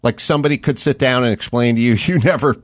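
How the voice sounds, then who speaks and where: A man's voice: mid-range voice, fast talker, no echo, studio quality. A man hosting a podcast interview, asking questions in a joking, conversational way. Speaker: podcast host. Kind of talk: casual interview chat.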